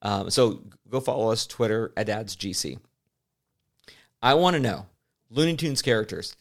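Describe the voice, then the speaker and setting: A man's voice: lowish voice, animated, normal speed, gravelly, pauses often. A man in his forties co-hosting a podcast, talking in a rambling way, cutting himself off mid-sentence and laughing easily. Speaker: podcast co-host. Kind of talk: casual chat.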